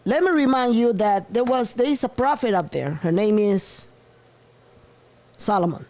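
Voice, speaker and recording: A man's voice: high voice, lively intonation, moderate pace, darkish tone. Laughing, rambling male news host. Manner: rambling, often breaks into laughter. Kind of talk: casual news commentary.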